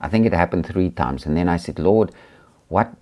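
A middle-aged man from South Africa with a South African accent, sharing a personal testimony in an earnest, gentle way with many hesitations. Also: low voice, lively intonation, fast. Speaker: preacher.

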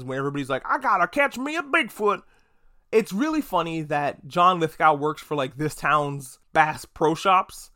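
A man talking through a movie review in a casual, enthusiastic way, swearing freely and drifting off on tangents. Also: fairly high pitch. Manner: chatty, profane, wanders off on tangents; enthusiastic, lively delivery. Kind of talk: casual spoken film review.

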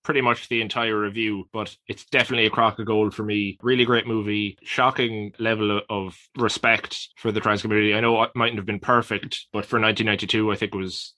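A man co-hosting a film review podcast, talking casually with quick, chatty asides. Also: fairly low pitch, little pitch movement, bright, forceful tone. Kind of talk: casual chat.

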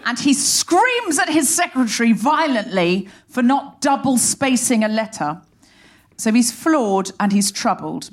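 Brief: female comedy host, animated and sardonic, live stage monologue, somewhat high voice. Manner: animated, sardonic, rapid comic storytelling. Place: live theatre stage before an audience.

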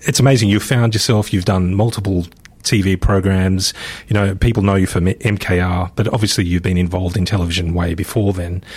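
Man, podcast host, very deep voice, dry close sound, enthusiastic. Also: fairly even intonation, fairly quick, darkish tone, slightly rough, no echo. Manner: enthusiastic, affirming, frequent short agreements. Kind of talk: casual interview conversation.

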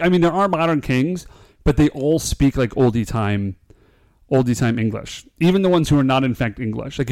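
A man's voice: mid-range voice, a little mellow, no echo, clean studio sound. A man co-hosting a casual podcast chat, joking in a playful, mock-formal way. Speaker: podcast co-host.

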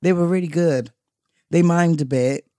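A man's voice: on the high side, normal speed, mellow, no echo, clean studio sound. A young man, chatting casually on a podcast in a laid-back, joking way. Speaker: podcast co-host. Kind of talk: casual chat.

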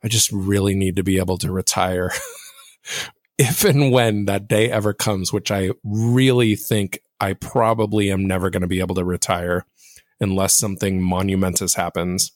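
A man with a low, fairly monotone voice hosts a casual solo podcast. He speaks straight to his listeners in a reflective, self-deprecating way. The recording is dry and close, with no room sound. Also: normal speed, dry recording. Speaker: podcast host.

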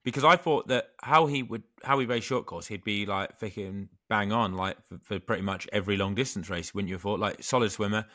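Deep, bright, fast-talking young man. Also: no room sound, studio quality. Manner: fast questioning, swears casually. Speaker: podcast co-host. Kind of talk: casual chat.

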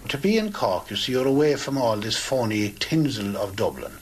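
A man's voice: mid-range voice, big pitch swings, normal speed, slight background noise. A man speaking earnestly in an interview.

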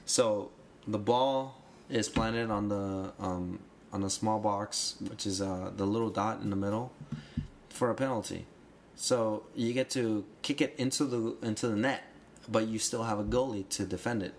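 A man's voice: fairly low pitch, normal speed, slight background noise. A man in casual conversation explaining soccer rules, rambling and restarting phrases, with emphatic bursts. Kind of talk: casual chat.

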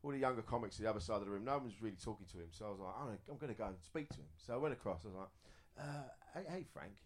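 A man's voice: fairly low pitch, racing. A middle-aged man, a comedian telling a rambling story on a live comedy panel, often laughing at his own jokes. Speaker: comedian and house player. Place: live venue with audience.

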